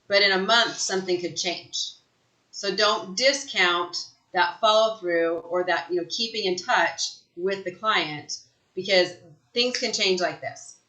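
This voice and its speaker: A woman's voice: medium pitch, pushed and bright, reverberant, poor audio. A woman coaching real estate agents in a live training session, talking emphatically and often checking in with "right?".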